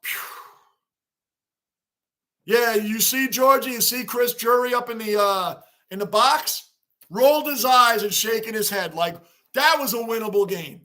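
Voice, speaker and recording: A bright, high-voiced man hosts a casual fan livestream. He talks straight to his chat, gets worked up and emotional about his team, and keeps a chummy tone with the regulars. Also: unhurried, long pauses. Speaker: livestream host.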